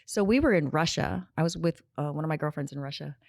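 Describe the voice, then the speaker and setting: A woman's voice: deep voice, fast talker, creaky, darkish tone, no echo, clean studio sound. A middle-aged woman chatting as a guest on a podcast. She laughs often and wanders off on tangents. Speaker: interview guest, nonprofit director. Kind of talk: casual podcast conversation. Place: podcast studio.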